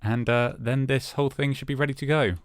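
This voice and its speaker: Relaxed male let's-play host, medium pitch, halting filler-heavy delivery, dry recording. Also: dry recording. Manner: hesitant, lots of "uh" and "um" fillers; relaxed, self-talking as he plays. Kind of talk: casual gameplay commentary.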